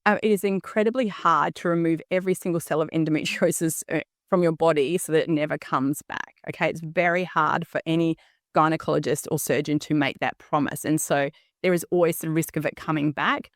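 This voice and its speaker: An Australian woman in her fifties hosts her own personal solo podcast, speaking earnestly and candidly with frequent ums and "okay?" check-ins. Her voice is low-pitched and steady, and she talks briskly. The recording is dry, with clean studio sound.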